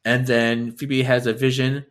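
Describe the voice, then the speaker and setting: A male podcast co-host recapping a story in a loose, chatty manner. His voice sits at an ordinary middle pitch, and he rambles through the plot with plenty of "like" and quick asides. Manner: animated storytelling full of "like" and laughter. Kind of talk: casual chat retelling a book.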